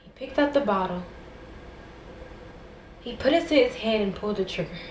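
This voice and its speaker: With a medium-pitched, expressive voice at a normal speed, a woman poet performs dramatic, rhythmic spoken word that swells into impassioned intensity. Echo and faint background noise are audible.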